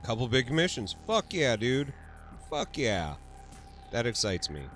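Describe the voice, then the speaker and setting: Lively, slow-talking man streamer. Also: medium pitch, faint music behind. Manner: laughs often, swears freely, answers chat. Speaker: livestream host. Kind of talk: casual livestream chat.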